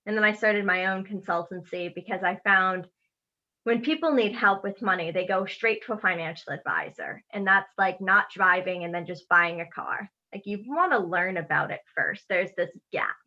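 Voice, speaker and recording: Bright-voiced woman from Massachusetts, muffled audio. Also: medium pitch, normal speed. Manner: upbeat, articulate, laughs easily. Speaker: guest, money educator. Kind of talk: remote podcast interview.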